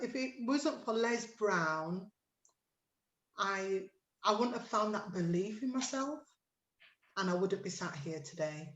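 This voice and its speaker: A woman's voice: lowish voice, reverberant, lo-fi sound. A woman hosting an online chat over a video call, chatty and emotional with lots of fillers. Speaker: host of an online chat show.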